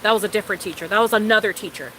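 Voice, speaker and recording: A woman's voice: mid-range voice, racing, sharp tone, a little hiss or hum, low-quality recording. A young woman vlogger ranting in a casual storytime, exasperated and incredulous, swearing freely and laughing often.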